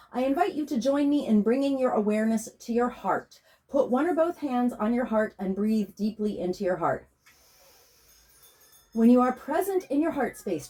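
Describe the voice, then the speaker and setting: An American woman spiritual healer in Pennsylvania, speaking slowly and soothingly as she leads a guided meditation, then chants a repeated prayer over a tarot reading. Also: fairly high pitch, a little mellow. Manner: slow, soothing, incantatory. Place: home, Pennsylvania.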